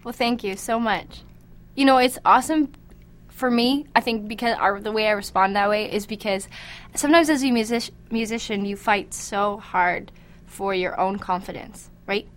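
A woman from Canada, a singer-songwriter guest on a radio talk show, playful and giggly with quick banter. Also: medium pitch. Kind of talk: casual radio interview.

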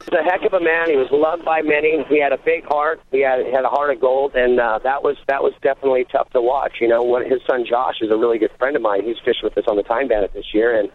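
A man in his thirties chats easily as an interview guest, his words loose and full of "you know"s. He comes through a thin, tinny phone line with a middle-pitched voice. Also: fast, hardly any pauses. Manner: casual, relaxed, full of fillers. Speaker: guest, fishing deckhand.

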